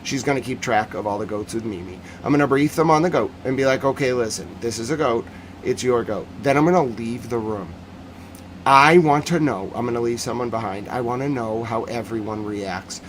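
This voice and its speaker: A man hosting a casual livestream news recap, talking in an animated, joking, rambling way. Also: medium pitch, a little fast, slight background noise. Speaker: news commentary host.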